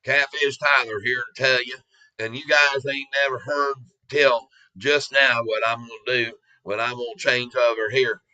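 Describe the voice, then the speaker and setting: A man's voice: mid-range voice, fairly even intonation, moderate pace, pushed and bright, highs cut off. A man voicing a joking, country-talking Southern man with a folksy drawl and slangy grammar. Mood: teasing. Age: older.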